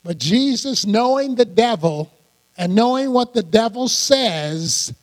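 A man preaching a sermon as pastor, animated and laughing often as he acts out quoted lines. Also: high-pitched, takes it slowly. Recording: long hall reverb.

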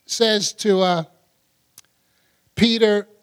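A man's voice: high-pitched, fairly even intonation, extremely slow, smooth. A man preacher giving conversational Bible teaching, chatty, laughing often and acting out scenes.

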